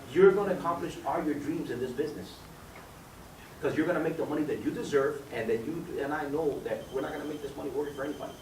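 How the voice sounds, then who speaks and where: A man giving a persuasive sales pitch at a meeting with guests, quizzing listeners by name with numbers and questions. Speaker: business opportunity presenter. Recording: echoey room, mic far off, faint background noise.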